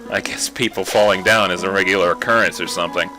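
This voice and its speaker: A man's voice: sits low, steady tone, quick pace. A man commenting on a game he plays, laid-back and self-mocking. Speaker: let's player. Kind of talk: gameplay commentary. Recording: game music behind.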